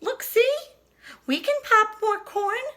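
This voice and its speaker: A woman voicing a tiny kind mouse in a read-aloud picture book, squeaky and eager. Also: expressive, takes it slowly, a bit bright, heavily acted. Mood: comforting.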